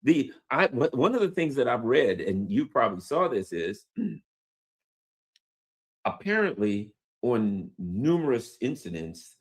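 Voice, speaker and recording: A man giving casual, jokey news commentary in an animated, slangy way. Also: medium pitch, slow pace, husky.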